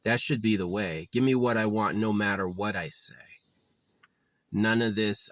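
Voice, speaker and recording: Rambling, swearing man with a low voice. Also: normal speed, fairly bright tone, dry recording. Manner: rambling, profane, exasperated. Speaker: vlogger. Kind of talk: casual ranting monologue.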